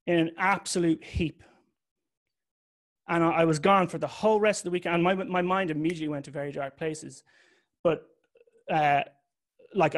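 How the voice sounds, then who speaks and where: A young man speaks openly to an audience in a slightly higher-than-usual voice. His talk is frank and confessional, with casual swearing. The delivery is personal and direct.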